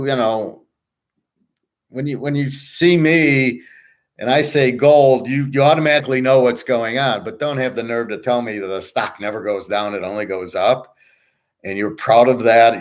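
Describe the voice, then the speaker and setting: A middle-aged man ranting casually as a sports-picks host, blunt, boastful and profane, rambling from one point to the next. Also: mid-range voice. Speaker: sports betting tipster and host.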